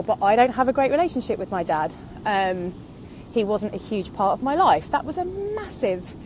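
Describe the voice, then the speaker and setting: A woman's voice: mid-range voice, a little mellow. A woman in her thirties gives a casual, reflective monologue, rambling candidly from one thought to the next. She is slightly breathless from walking outdoors, with faint traffic noise in the background. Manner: candid, rambling, goes off on tangents. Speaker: online business vlogger.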